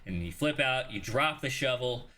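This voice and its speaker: Bright-voiced man running a tabletop game. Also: mid-range voice, expressive, moderate pace. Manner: rambling, lots of fillers and restarts, casual swearing. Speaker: game master.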